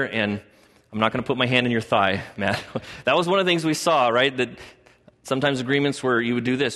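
A man's voice: medium pitch, sharp tone. A male pastor preaching a sermon in an emphatic style, with rhetorical questions and storytelling. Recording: long hall reverb.

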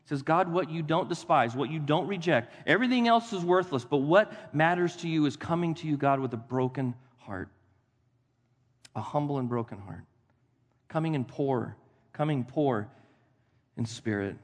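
A man preaching a sermon as pastor, animated and acting out the voices of Bible figures for his congregation. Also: fairly high pitch, normal speed. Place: church sanctuary. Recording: long hall reverb.

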